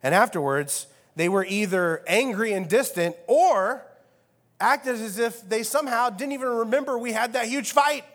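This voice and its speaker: Wry pastor, reverberant church hall. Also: male voice, very high-pitched, normal speed, fairly bright tone. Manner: casual and wry, with many fillers. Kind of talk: conversational sermon. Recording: long reverb of a large hall.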